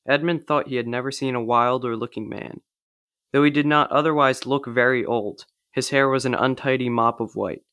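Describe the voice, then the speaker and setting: A man reading a story aloud during a church service, even and reflective. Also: medium pitch, moderate pace, clear, resonant tone, no echo, clean studio sound. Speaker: liturgy reader.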